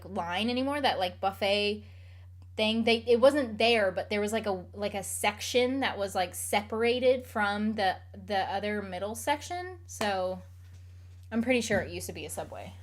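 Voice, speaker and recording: A young adult woman chatting casually as a streamer, rambling with lots of fillers while she answers chat questions. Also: mid-range voice. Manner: rambling, filler-heavy, frequent "like".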